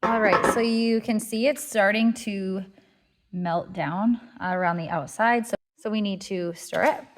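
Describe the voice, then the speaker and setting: A woman explaining a kitchen task step by step in a relaxed, casual tutorial, with the odd filler. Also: mid-range voice, measured pace, background noise. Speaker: homestead cooking instructor. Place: home kitchen.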